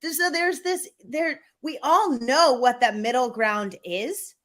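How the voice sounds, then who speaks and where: Speaking at a slow pace in a high-pitched voice, a middle-aged sales coach guests on a video-call interview, telling stories with energy and animation and performing the quotes.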